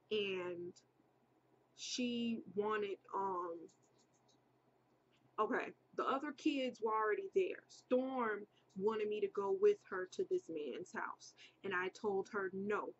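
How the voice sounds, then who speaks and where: A young woman tells a story at an unhurried, drawn-out pace, her voice in the middle of the usual range. She talks casually and turns animated, jumping high when she acts out what people said. The recording sounds dull and lo-fi, with a faint hiss underneath. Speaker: vlogger.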